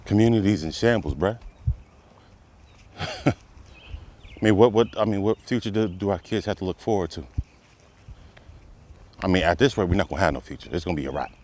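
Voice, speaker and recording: Slightly fast yet pausing often, this man has a low, a little mellow voice. As a commentator he gives an impassioned, preaching monologue, stacking rhetorical questions that climb to emphatic peaks.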